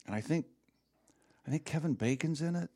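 A man's voice: fairly high pitch, fairly quick, dark tone. A man in casual comedic chat, joking and rambling, often trailing off mid-sentence.

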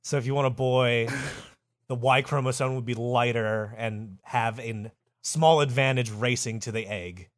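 A man talking in crude, rambling comedic banter, his voice sitting at an ordinary middle pitch. He slips into silly voices as he tells a story. The mic is close and dry, with no room sound. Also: unhurried, dry recording. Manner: rambling, playful, does silly voices for characters.

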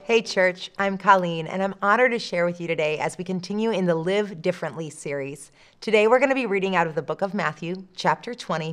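A woman from a church staff sharing a podcast devotional, teaching earnestly and dropping low on key phrases for emphasis.

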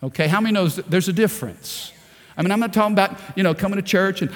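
A pastor with a high voice talks fast as he preaches passionately in a large church hall, the sound big and roomy. He repeats words and fires rhetorical questions at the congregation.

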